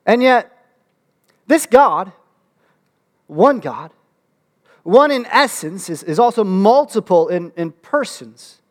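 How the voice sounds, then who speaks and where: A man preaching a sermon as pastor, animated and humorous, with frequent restarts and fillers. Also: high-pitched, slow, pauses often. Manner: animated, humorous asides with rising excitement.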